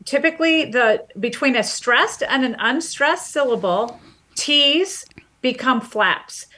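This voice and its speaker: A woman linguist with a West Coast or Midwest American accent, explaining speech sounds clearly on a radio talk show and sounding them out as she goes. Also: sits high, animated, slow pace, bright, forceful tone. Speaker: linguist guest.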